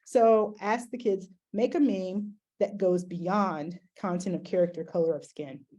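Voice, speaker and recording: Mellow-voiced woman giving an educator's talk. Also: mid-range voice, fairly even intonation, measured pace. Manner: conversational, many fillers and restarts. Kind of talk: conference talk presentation.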